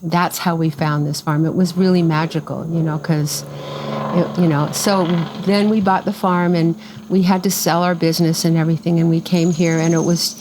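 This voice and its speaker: Against a noisy background, an older woman speaks in a lowish voice at a moderate pace. She is a farm cofounder in a casual interview, telling a story and lively voicing the people in it.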